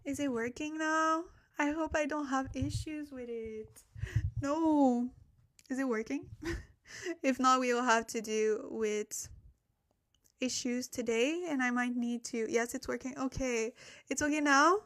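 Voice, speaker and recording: A young woman with a high, bright-toned voice leads a casual live-stream language lesson. English is not her first language, and she speaks into a desk microphone. She chats with her viewers and laughs easily between explanations. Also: measured pace. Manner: chatty, laughs often, talks to chat viewers.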